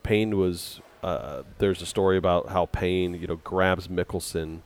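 A man with a very low voice tells stories in a relaxed, rambling way. He slips into little acted quotes as he goes. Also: measured pace. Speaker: podcast guest. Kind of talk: casual storytelling.

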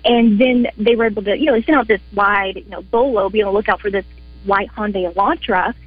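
Woman correspondent explaining a case quick and lively, dry lo-fi radio sound. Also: medium pitch, dry recording. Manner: energetic, fluent explaining. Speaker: court correspondent and attorney. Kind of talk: live news report on radio. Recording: dull lo-fi broadcast sound.

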